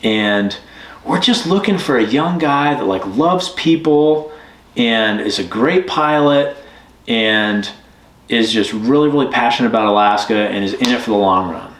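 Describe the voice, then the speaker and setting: A man's voice: medium pitch, expressive, measured pace, reverberant, lightly acted. A man quoting a big, friendly lodge owner in an easygoing, reassuring tone.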